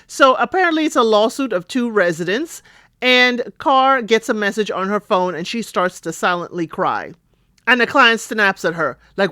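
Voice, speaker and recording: In clean studio audio with no room sound, a middle-aged podcast host retells a TV episode at a moderate pace in her mid-range voice. She's chatty and animated, voicing the characters' quoted lines and tossing in playful asides and laughter.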